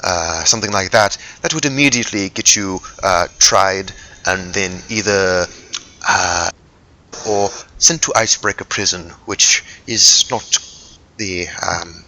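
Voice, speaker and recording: A man running a tabletop game as game master, his narration loose and full of fillers. His voice is low but bright and sharp. He laughs often at his players. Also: measured pace, rough recording.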